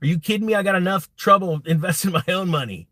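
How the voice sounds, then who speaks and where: A man's voice: sits high, fast talker, a bit bright, dry recording. A man hosting a live crypto stream, talking bluntly and rambling with many restarts. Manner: blunt, rambling, self-interrupting. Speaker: crypto YouTube host. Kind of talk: live-streamed casual rant.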